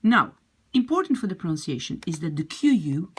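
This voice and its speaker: A woman's voice: on the low side, very animated, moderate pace, slight background noise. A woman teaching a language lesson, patiently explaining and repeating pronunciation examples. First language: French or Dutch. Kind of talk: explaining French grammar in English.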